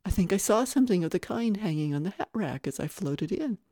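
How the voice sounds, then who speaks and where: A stern, commanding lady ghost, put on by a storybook reader, firm and sarcastic. The voice sits mellow and dark, close and dry with no room around it. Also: mid-range voice, animated, brisk, no echo, pitched above the performer's own voice, close to an everyday voice. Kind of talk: audiobook reading.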